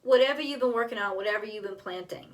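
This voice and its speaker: A woman's voice: mid-range voice, fast talker, distant mic. A woman doing a tarot card reading, talking straight to the viewer, emotional and blunt, swearing freely. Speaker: tarot reader.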